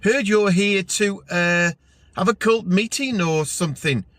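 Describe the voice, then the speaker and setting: A brash, boisterous pub regular teases newcomers with mocking jokes in a storybook reading, as a man acts him out. His voice rides high and booms. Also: measured pace, a bit bright. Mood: teasing. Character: cheeky blokey pub regular, loud.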